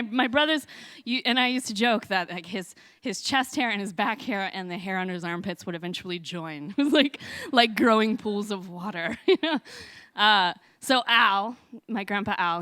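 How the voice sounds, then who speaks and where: A woman's voice: medium pitch, a bit bright, no room sound, clean studio sound. A woman telling a personal story live on stage, chatty and laughing often, with lots of fillers.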